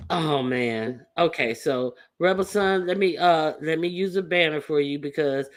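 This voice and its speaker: A woman's voice: sits low, a little slow. A woman hosting a casual livestream panel chat, talking in a loose, joking, drawling way. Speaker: livestream host.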